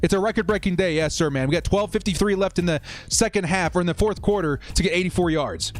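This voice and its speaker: A young man hosting a live watch-party stream, chatting with viewers and getting excited over each play. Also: sits high, quick pace, faint music behind.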